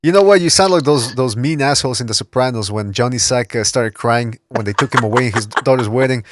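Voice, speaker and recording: A man hosting a boxing podcast in casual chat, blunt and quick to swear and laugh. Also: medium pitch, background noise. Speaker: podcast host.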